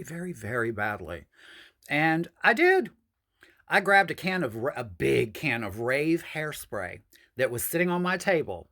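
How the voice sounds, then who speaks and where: Animated storyteller addressing viewers as y'all. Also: mid-range voice. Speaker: storyteller, channel host. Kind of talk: casual storytelling vlog.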